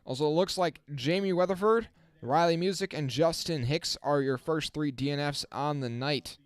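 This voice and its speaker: A man giving casual live-stream race commentary as the channel host, chatting with his viewers and getting excited on the restarts. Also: fairly high pitch, normal speed, no room sound. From not from the South. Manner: self-correcting, talks to the chat.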